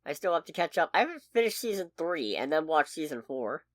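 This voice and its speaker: A woman co-hosting a podcast in loose, casual chat. Her voice sits a little low but swings widely in pitch as she rambles and corrects herself. The sound is close and dry. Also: very animated, fairly quick, no echo. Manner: rambling, self-correcting, jokey. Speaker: podcast co-host.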